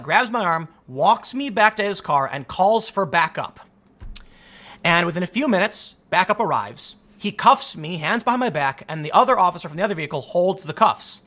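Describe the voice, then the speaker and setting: A man hosting his own video, casually telling a personal story in an animated way. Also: sits high. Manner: animated retelling, acts out the dialogue. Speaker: vlog host.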